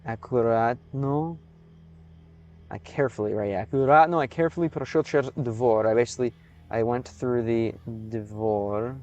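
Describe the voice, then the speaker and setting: An American man streaming live in casual commentary, halting and repeating words as he slowly sounds out foreign phrases. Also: medium pitch, darkish tone, highs cut off. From United States.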